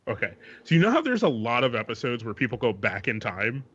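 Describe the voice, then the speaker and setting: A man's voice: medium pitch, sing-song, a little fast, a bit bright, husky, highs cut off. A man co-hosting a casual podcast, rambling, swearing freely and restarting his sentences. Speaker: podcast co-host.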